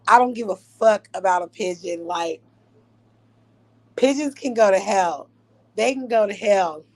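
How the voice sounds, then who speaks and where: A young woman telling a story in a casual, profane rant, animated and breaking into laughs. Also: a little high.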